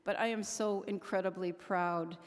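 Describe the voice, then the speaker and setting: A woman's voice: medium pitch, steady tone, normal speed. An older woman, a grandmother, giving an earnest, heartfelt speech to a conference audience, sometimes stopping and restarting her sentences. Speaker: keynote speaker at a conference. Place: large conference hall. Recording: long hall reverb.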